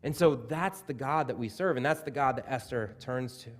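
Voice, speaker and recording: A man in his thirties preaching a sermon, telling a story with quick asides and dropping his voice soft and low for emphasis. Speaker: pastor. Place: church sanctuary.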